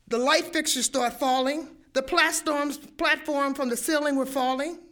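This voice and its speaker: Animated older woman telling a story. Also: sits high, unhurried, few pauses. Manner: animated, acts out sounds and voices. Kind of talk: personal storytelling to an audience.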